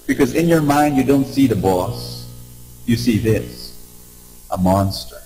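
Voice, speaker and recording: A man giving an inspirational talk to a live audience, animated and engaging, asking questions and leading call-and-response. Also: mid-range voice, a little slow, soft background music, rough recording. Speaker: motivational speaker.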